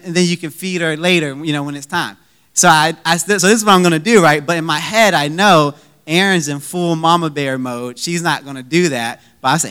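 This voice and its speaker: Young male pastor, high clear voice, bright and animated storytelling sermon. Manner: animated, humorous, acts out own quoted lines.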